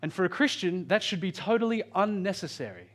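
A man delivers a sermon in an earnest, pastoral tone. His voice sits fairly high for a man. He slows right down on key phrases and rushes through asides. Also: lively intonation, fairly bright tone. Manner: earnest, varies pitch and pace for emphasis.

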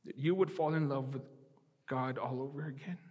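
A man preaching a sermon and leading a closing prayer, earnest and emotional, with slow heartfelt pleading. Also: mid-range voice, darkish tone, husky, long reverb tail, highs cut off.

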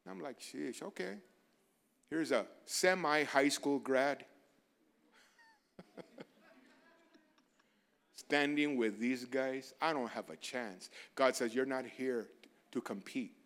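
A man preaching a sermon as a pastor, moving from quiet asides to loud, urgent exhortations. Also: medium pitch, slow pace, creaky, pauses often. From barrio in the United States.

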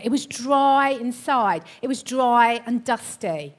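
A middle-aged woman preaching a sermon, telling stories in a conversational way and building to emphatic high points. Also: animated, unhurried, hardly any pauses. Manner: conversational storytelling with rising emphasis. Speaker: church preacher.

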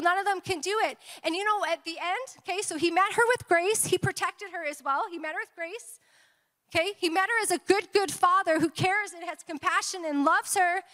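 A woman pastor preaching a sermon in a church, animated, often asking the congregation "amen?" and "okay?". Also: very high-pitched. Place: church sanctuary. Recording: long hall reverb.

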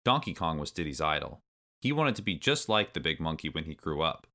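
A man narrating a children's storybook aloud with expressive delivery. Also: extremely low pitch, brisk.

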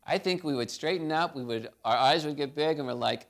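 Male pastor, higher register, animated sermon delivery with strong dynamic swings. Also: a little fast, gravelly, few pauses. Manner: storytelling, animated preaching with swings in loudness.

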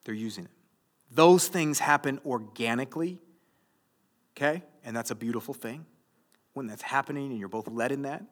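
A male pastor in his thirties preaching a conversational, jokey sermon that builds to loud, emphatic stretches. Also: medium pitch. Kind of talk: sermon to a young adult group.

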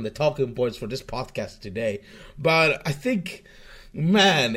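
Male streamer, slightly high voice, mocking and crude, casual reaction commentary. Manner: swearing, mocking, swings from mutters to loud outbursts. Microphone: webcam setup microphone.

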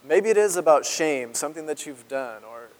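A man preaching a sermon as pastor, earnest and emotional, with dramatic pauses and drops to a hush on key words. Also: on the high side, lively intonation. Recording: long reverb of a large hall.

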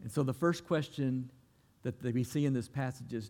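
A man's voice: medium pitch, moderate pace, a little mellow. A pastor preaching a sermon, telling stories in a folksy, casual way and acting out the voices of people he quotes. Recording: long hall reverb.

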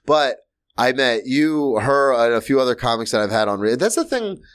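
A man in his thirties hosting a podcast in casual chat, animated and quick to shout when hyping a guest. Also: mid-range voice, clean tone. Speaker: podcast host.

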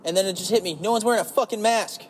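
A man's voice: high-pitched, very fast. Man, solo car rant, profane jokes, hollow reverb, faint background noise. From New Jersey, United States. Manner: crude, profane, joking, swings into loud voices. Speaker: podcast host. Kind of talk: rambling solo monologue. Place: parked car.

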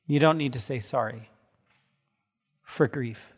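A man's voice: medium pitch, slow. A man giving a sermon as pastor, earnest and emphatic, repeating key words for weight. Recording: long hall reverb.

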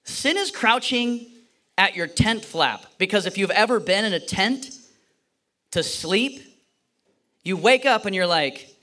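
A man's voice: sits high, expressive, a little slow, pushed and bright. A man preaching a sermon, telling a personal story and acting out the voices in it with a playful manner. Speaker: pastor.

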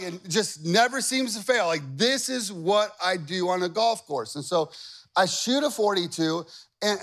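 A pastor in his forties preaches a sermon built on personal stories, chatty and self-deprecating, frequently asking the crowd questions. His voice is high-pitched with a fairly bright tone.

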